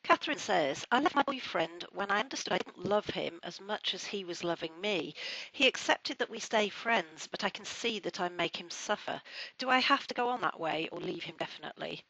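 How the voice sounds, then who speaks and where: A woman's voice: lowish voice, animated, a little fast, pushed and bright, husky, poor audio. A woman moderating a live talk, steadily reading listener questions aloud.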